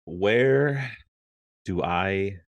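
Low-voiced man telling a lively family story. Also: drawn-out words, no room sound. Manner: animated storyteller, acts out family members' voices. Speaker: podcast host. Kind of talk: casual chat.

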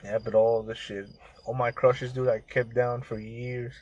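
A man's voice: mid-range voice, flat delivery, unhurried, a little mellow, lo-fi sound. A young man in casual chat, laid-back and profane, laughing often.

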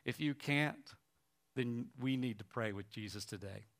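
A man delivering a sermon in a middle-pitched voice, telling a story and acting out the people in it with quoted lines. Toward the end he drops to a quiet, soft appeal. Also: measured pace, creaky. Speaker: pastor.

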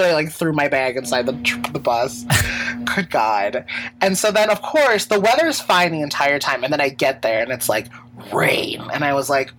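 A woman's voice: sits low, expressive, moderate pace, a bit bright, slight background noise, low-quality recording. A woman hosting a podcast, telling a travel story in a rambling, filler-heavy way with casual swearing and laughs. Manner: rambling, lots of fillers and restarts. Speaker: podcast host.

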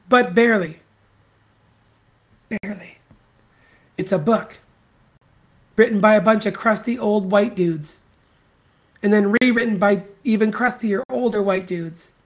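An adult podcast host delivering a solo commentary rant, blunt and profane, repeating insults and points for emphasis. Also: mid-range voice. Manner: blunt, profane and scornful, hammering points by repetition.

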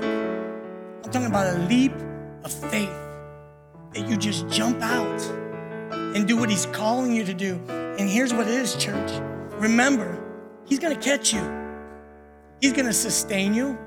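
An older pastor with a high-pitched voice preaches in a church sanctuary, pausing frequently and repeatedly calling out "church." Worship music plays beneath his voice, with soft piano and keyboard in the background.

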